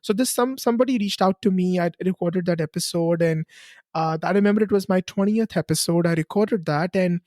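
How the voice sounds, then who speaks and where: A man's voice: sits high, a little fast, darkish tone, no echo, clean studio sound. A man from India hosting a podcast, telling a long story in a loose, rambling way with frequent restarts and repeated phrases. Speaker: podcast host. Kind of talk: casual conversational interview.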